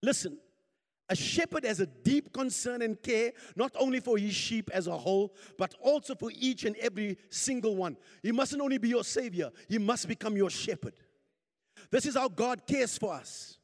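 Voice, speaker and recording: A man with a strikingly high voice preaches to his congregation, calling on them to answer back and climbing into shouts. The sound rings with the long reverb of a church hall. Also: expressive, moderate pace. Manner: call-and-response preaching, urging the congregation to repeat; rising to shouts at peaks. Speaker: pastor. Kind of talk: sermon.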